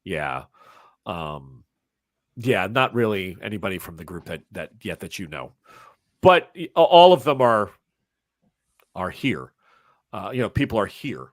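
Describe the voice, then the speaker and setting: A man's voice: deep voice, very animated, unhurried, long pauses, dry recording. Jokey male game master, dry close sound. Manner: chatty, jokey, self-deprecating asides. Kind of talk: narrating a tabletop game live stream.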